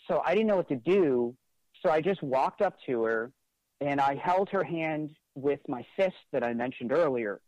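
Through a dry, muffled recording, a man with a slightly high, darkish voice relates a personal experience at a moderate pace. He's an earnest interview guest telling his story conversationally, restarting often and saying "like" a lot.

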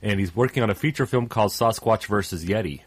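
A man's voice: on the low side, fast, breathy edge, no room sound. A man co-hosting a radio show in casual talk, stuffed up, rambling with many fillers and trailing off at phrase ends.

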